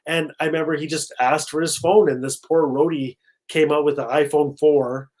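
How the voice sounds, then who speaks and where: Middle-aged man, author guest, lively storyteller, slightly high voice, video call. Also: normal speed. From Canada. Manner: warm storytelling with repetitions and acted quotes. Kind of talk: live-streamed conversation.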